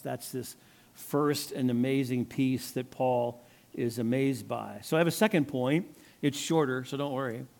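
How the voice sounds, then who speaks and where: An older man preaching a sermon, telling a personal story and acting out the quotes with animated emphasis. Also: medium pitch, creaky. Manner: storytelling, animated, acts out his own quotes. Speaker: pastor.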